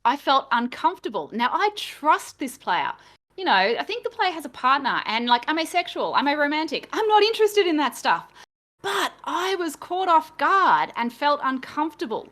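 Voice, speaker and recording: A woman's voice: sits high, big pitch swings, normal speed, a bit bright. A woman chatting casually as a game master and co-host, talking in a chatty, self-deprecating way and laughing easily. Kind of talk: casual chat.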